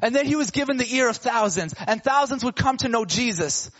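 A man preaching a sermon, retelling a story with lively casual slang and acting out the characters' voices. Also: very high-pitched, a little fast, lo-fi sound.

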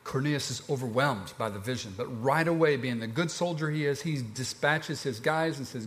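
This Southern-accented pastor preaches with a mid-range voice at a moderate pace. He tells the story in an easygoing, conversational manner, his delivery rising and falling with energy.

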